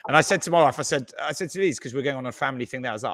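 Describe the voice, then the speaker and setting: A man's voice: medium pitch, very fast, hardly any pauses, a bit bright. A man hosting a rugby podcast, steering the chat and bantering with laughs. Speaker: podcast host. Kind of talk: casual chat.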